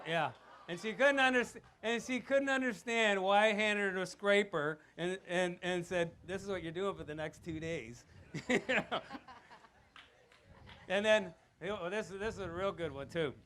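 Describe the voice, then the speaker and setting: A man giving a rambling father-of-the-bride wedding speech, telling anecdotes with chuckles and getting loud and animated. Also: high-pitched. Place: wedding reception.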